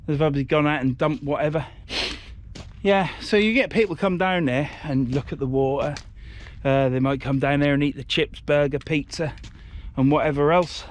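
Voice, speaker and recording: A middle-aged man, filming himself outdoors on a riverside shore. His voice sits a little high, and he rambles and grumbles bluntly, swearing as he goes. Casual, unscripted vlog talk into a handheld camera. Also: normal speed. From England. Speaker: fishing vlogger.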